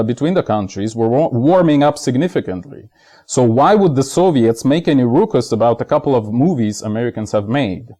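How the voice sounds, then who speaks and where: A man's voice: medium pitch, mellow. Man in a rambling spoken monologue. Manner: rambling, frequent fillers and asides to viewers. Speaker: video essayist. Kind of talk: casual explanatory monologue.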